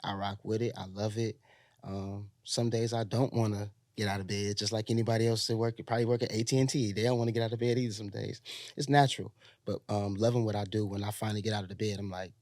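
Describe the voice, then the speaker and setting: A man with a Chicago accent speaks low and easy, drifting through thoughts with frequent ums and street slang. The sound is close and dry, with no room around his voice. He comes across as an interview guest chatting casually. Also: level tone, fast, a little mellow, no room sound. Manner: laid-back, slangy, reflective with many ums. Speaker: R&B singer, guest.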